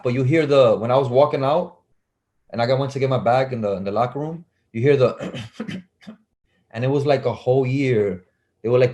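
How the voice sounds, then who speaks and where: A man's voice: mid-range voice, a little mellow. A young man, a basketball player telling stories as an interview guest, acting out the voices he quotes and laughing often. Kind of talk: casual storytelling.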